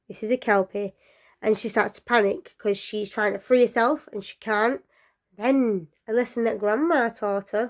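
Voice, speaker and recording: Chatty woman storyteller with soft drops. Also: fairly high pitch. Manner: chatty, rambling asides with many fillers; often drops to a soft near-whisper. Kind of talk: casual folklore storytelling.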